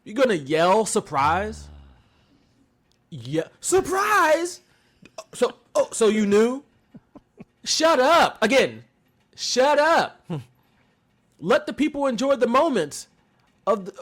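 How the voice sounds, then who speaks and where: Man, podcast co-host, casual chat, slightly high voice, very lively pitch, animated, mocking. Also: a little slow, pauses often. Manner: animated storytelling, mocking quotes, frequent laughs. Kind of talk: casual wrestling recap chat.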